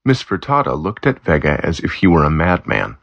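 A man reading a story aloud as narrator, steady and plain, lightly voicing the characters. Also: very deep voice, brisk, creaky, muffled recording. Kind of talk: scripted narration of a graded reader story.

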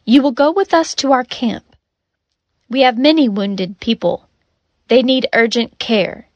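A man's voice: very high voice, lively intonation, a little slow, no room sound, highs cut off. A woman voicing a blunt, commanding armed man in a storybook reading.

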